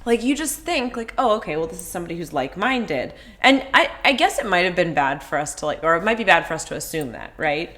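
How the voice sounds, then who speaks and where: A woman with a fairly low but bright, forceful voice, co-hosting a casual podcast. She talks earnestly, with a dry sarcastic streak. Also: expressive, fast, few pauses. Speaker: podcast co-host. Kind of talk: casual chat.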